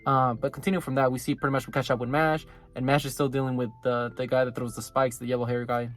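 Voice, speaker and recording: A man's voice: mid-range voice, flat delivery, fast talker. Casting male anime reviewer, mid-range voice, loose chatty recap, laughs a lot. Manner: loose, filler-heavy, laughs often. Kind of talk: casual episode recap.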